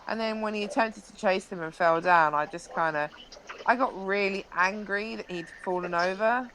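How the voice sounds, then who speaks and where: A woman's voice: mid-range voice, normal speed, a bit bright, slight background noise, poor audio. A young woman, a live-stream interview guest, animatedly recounting an incident with frequent restarts.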